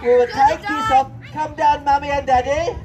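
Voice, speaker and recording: A man's voice: extremely high pitch, steady tone, normal speed. A man performing a comedy children's show, directing young volunteers with bossy, theatrical showman banter. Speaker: children's entertainer. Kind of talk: comic audience-participation patter. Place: outdoor festival stage.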